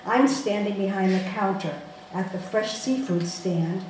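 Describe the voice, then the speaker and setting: A woman's voice: mid-range voice, unhurried. Woman reading her story in an echoey room. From Boston. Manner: lively storytelling with voiced quotes. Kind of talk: reading a personal story aloud. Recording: roomy, distant mic, faint hum.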